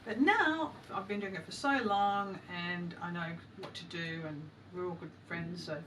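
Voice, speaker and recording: A middle-aged Australian woman voice actor talking in an interview, gentle and chatty. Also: lowish voice, steady tone, moderate pace. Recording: distant interview clip with music.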